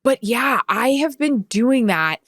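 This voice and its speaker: A woman's voice: on the high side, lively intonation, slow, a bit bright, dry recording, clean studio sound. A woman co-hosting a podcast in casual chat, candid and chatty as she tells stories. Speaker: podcast co-host.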